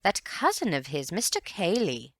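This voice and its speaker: She goes full character voice here: lowish, with wildly swooping pitch at normal speed, portraying an indignant, gushing, self-important middle-aged mother who loves gossip. The audiobook delivery is emphatic, recorded clean in a studio with no echo.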